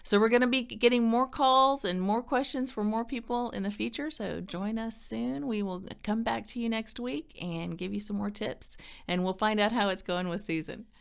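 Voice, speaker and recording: A woman's voice: a little high, moderate pace, creaky, hardly any pauses. A middle-aged woman, director of a counseling center, giving friendly, chatty parenting advice to the camera in an upbeat way. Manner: chatty, upbeat, acts out quoted dialogue, laughs easily.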